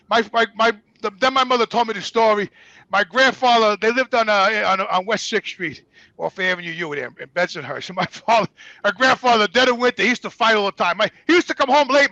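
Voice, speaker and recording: A middle-aged man with a New York accent telling a family story in casual, profane talk, growing loud and animated as he gets worked up. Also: sits high, creaky, dry recording, highs cut off. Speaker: guest.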